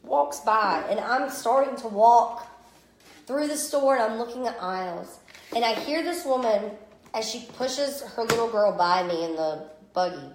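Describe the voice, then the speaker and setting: A woman, co-hosting a casual chat and telling an animated story. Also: fairly high pitch, unhurried, slight background noise. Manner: animated storyteller, acts out quotes. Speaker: podcast co-host. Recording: echoey room.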